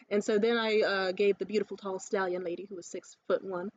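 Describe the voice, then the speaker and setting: A woman ranting casually to the camera, telling stories in a lively, profane way and acting out other people's lines. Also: medium pitch, lo-fi sound, a little hiss or hum. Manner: animated, profane storytelling; acts out others' lines in quick asides. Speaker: vlogger.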